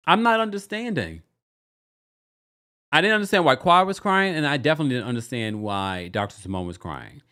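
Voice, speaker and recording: A man hosting a casual livestream recap, chatty and animated, often breaking into exaggerated quotes of the people he talks about. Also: fairly quick, clean tone. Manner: animated, chatty, slips into quoting people in exaggerated high voices. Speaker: podcast host recapping a reality show.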